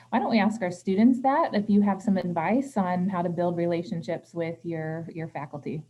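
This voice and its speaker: Mellow-voiced woman moderator. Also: fairly low pitch, dull audio, slight background noise. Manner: brisk and polite. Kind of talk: moderating a live session.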